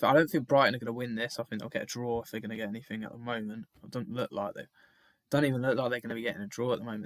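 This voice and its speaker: A young man chatting casually through a live football match as a watchalong host, excitable and full of rambling asides. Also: medium pitch, no room sound.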